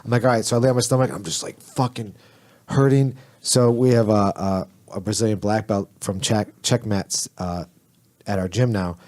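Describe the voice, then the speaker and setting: A man telling a profane, animated story in casual chat, laughing often. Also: fairly low pitch, normal speed.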